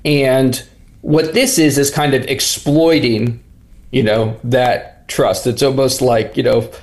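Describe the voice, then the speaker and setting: A man speaks as a reporter on a radio interview, in a mid-range voice. He thinks aloud as he talks. His sentences often restart and fill with pauses as he works out his points. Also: mid-range voice, fairly even intonation, a little mellow. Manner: thoughtful, with many restarts and fillers. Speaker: reporter guest. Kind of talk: interview answers.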